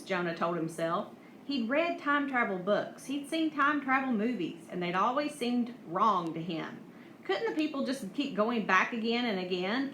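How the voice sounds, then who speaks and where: Woman audiobook reader, bright high voice, echoey room, faint hiss. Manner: even, with small slips and restarts. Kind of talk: reading a novel aloud.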